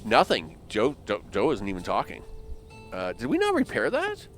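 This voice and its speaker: A man's voice: mid-range voice, wildly swooping pitch, normal speed, fairly bright tone, slight background noise. A man giving casual let's play commentary, chatty and playful with frequent laughs. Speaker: gaming video creator.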